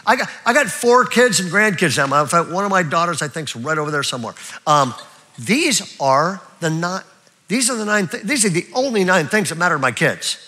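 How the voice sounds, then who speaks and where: An older man preaching a sermon as pastor, in a lively, chatty way that keeps checking in with his listeners. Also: sits high, a little fast. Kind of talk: live sermon. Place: church auditorium.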